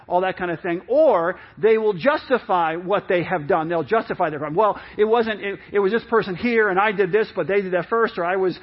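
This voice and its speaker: High-voiced husky male pastor preaching. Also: muffled recording. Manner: conversational, repeats and restarts, acts out quoted excuses. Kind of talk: sermon.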